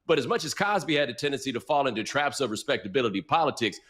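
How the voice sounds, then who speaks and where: A man in his forties speaks as a guest on a news panel. He is measured and analytical, setting out his points one after another in a steady, explanatory way. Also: medium pitch. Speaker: podcaster and guest commentator. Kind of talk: live news panel discussion.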